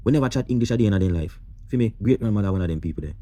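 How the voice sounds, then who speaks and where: A man's voice: on the low side, expressive, rapid-fire, mellow. A man with a Jamaican accent giving passionate, rhetorical commentary, repeating his questions. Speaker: reaction host. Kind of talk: opinionated commentary.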